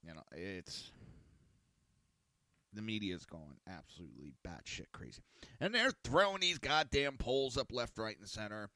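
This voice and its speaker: Male podcast host, low voice, rambling, profane, exasperated, dry close sound. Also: wildly swooping pitch, measured pace, sharp tone, dry recording. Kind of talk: casual ranting talk show.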